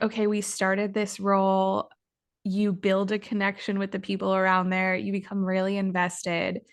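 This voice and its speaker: A woman hosting a podcast, speaking in a reflective, supportive way with a casual tone and frequent use of "like". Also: mid-range voice. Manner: reflective, supportive, uses "like" often. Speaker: podcast host, dietitian.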